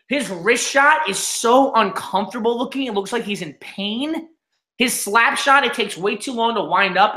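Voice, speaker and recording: High, bright-voiced man ranting in an echoey room. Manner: animated ranting, frequent "like" and "listen". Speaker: podcast co-host. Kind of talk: casual hockey chat.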